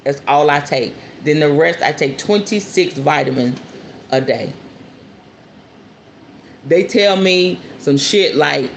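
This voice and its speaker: A woman's voice: low voice, takes it slowly, vocal fry, pauses often. A woman in her forties hosting a podcast, talking casually and bluntly to her listeners, emphatic and a little scolding. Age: 40s. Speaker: podcast host and spiritual herbalist. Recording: roomy echo with faint ambient noise.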